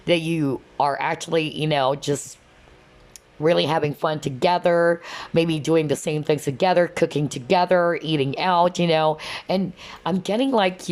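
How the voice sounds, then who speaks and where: A woman's voice: low-pitched, darkish tone. A woman giving a casual, chatty tarot reading, often checking in with "okay?" and "you know". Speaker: tarot reader.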